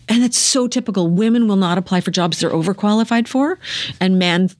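A middle-aged woman, a former news director, telling lively stories in an interview and acting out the dialogue. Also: mid-range voice, brisk. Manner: lively storyteller who acts out quoted dialogue; emphatic, repeats phrases for effect. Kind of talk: conversational interview storytelling.

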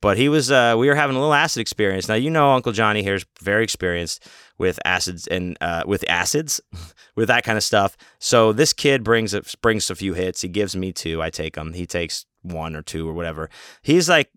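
A man's voice: fairly low pitch, expressive, brisk, a bit bright, smooth, dry recording, clean studio sound. A man hosting a podcast, telling a long story casually in a rambling, profane, self-mocking way. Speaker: podcast host.

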